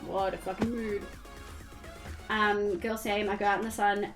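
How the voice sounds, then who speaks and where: A woman's voice: mid-range voice, flat delivery, measured pace, faint music behind. A young Australian woman streamer chatting casually and candidly with her viewers while she plays, swearing now and then. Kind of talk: casual chat while gaming.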